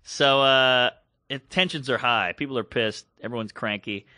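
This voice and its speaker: A podcast co-host with a bright, mid-range voice tells a story at a moderate pace in casual chat, animatedly acting out the quoted voices. The recording is dry and studio quality.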